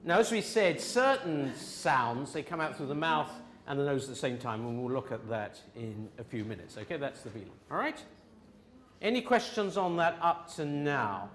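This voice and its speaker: Lively Londoner teaching pronunciation. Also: male voice, medium pitch, normal speed. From England. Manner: jokey, demonstrates sounds aloud. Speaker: language teacher. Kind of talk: classroom lecture on pronunciation. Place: classroom. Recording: echoey classroom.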